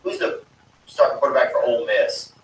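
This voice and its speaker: A man's voice: mid-range voice, steady tone, a little fast, distant mic. A man hosting a podcast interview, laid-back and profane, laughing easily. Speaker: podcast host. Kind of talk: casual interview chat. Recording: echoey room, voice off-mic, faint room noise.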